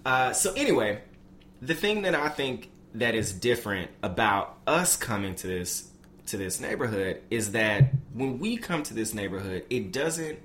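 A young man from Memphis in casual conversation, talking in a relaxed, thoughtful way with lots of fillers. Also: lowish voice, unhurried, a little hiss or hum. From Memphis, USA.

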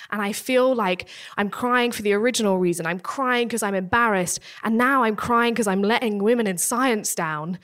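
A young woman, telling a candid, self-deprecating story about her own life and slowing down at the emotional moments. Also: mid-range voice, fairly bright tone. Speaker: PhD student. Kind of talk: first-person storytelling.

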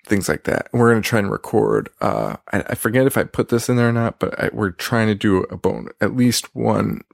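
A man hosting a podcast on his own, rambling casually in a half-quiet voice with lots of fillers and a self-deprecating streak. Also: fairly low pitch, vocal fry, no room sound, studio quality. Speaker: podcast host. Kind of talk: casual solo podcast chat.

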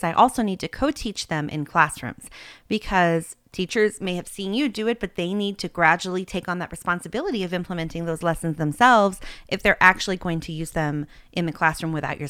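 A woman's voice: lowish voice, fairly bright tone, dry recording, clean studio sound. A woman hosting an education podcast, explaining coaching practice in an earnest, instructive way with occasional fillers and restarts. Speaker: podcast host and literacy coach. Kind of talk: podcast talk with an ad for her course.

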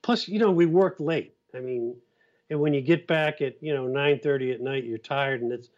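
A man who co-hosts a TV series, telling stories in a relaxed way with "you know" and "uh" fillers. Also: medium pitch, moderate pace. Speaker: TV series co-host. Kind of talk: casual chat. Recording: slightly dull, lo-fi sound.

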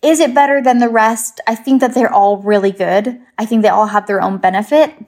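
Medium in pitch with a somewhat dark tone, this woman from England is a guest expert in a casual conversation. She explains things cheerfully and chattily, using simple tricks to help things stick.

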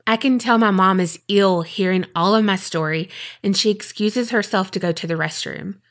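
A woman's voice: medium pitch, moderate pace. Young woman podcast cohost reading out a listener letter, earnest. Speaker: podcast co-host.

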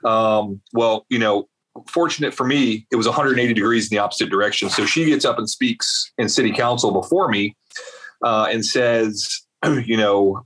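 A man from South Carolina, a guest in an interview, telling a long story with lots of fillers and asides. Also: lowish voice. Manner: rambling, animated storyteller with many fillers. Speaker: veterans advocate guest.

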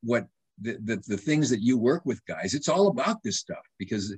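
Husky older man telling stories. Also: medium pitch, normal speed. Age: 70s. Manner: animated storyteller, restarts and quotes himself. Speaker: guest doctor. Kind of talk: casual interview conversation.

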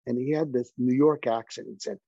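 A male podcast guest with a gravelly, husky voice tells earnest anecdotes. The sound is close and dry, with a slightly dull, lo-fi tone. His delivery is conversational and story-driven. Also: mid-range voice, fairly even intonation, a little fast, mellow, no echo. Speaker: guest, doctor.

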